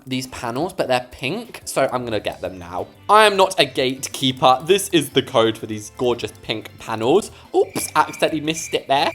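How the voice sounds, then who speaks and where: A man's voice: mid-range voice, a bit bright. An eighteen-year-old man, chatting playfully to viewers as he builds and decorates in a game, his voice sometimes cracking. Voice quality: occasional voice cracks. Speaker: gaming YouTuber. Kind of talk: casual game-build commentary.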